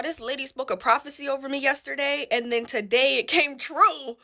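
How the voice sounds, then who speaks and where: A young woman talks bluntly in a casual get-ready-with-me chat, her voice bright and forceful and set a little high. She swings freely from wry asides into loud, animated bursts. Faint music plays behind her. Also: brisk, few pauses. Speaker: beauty vlogger.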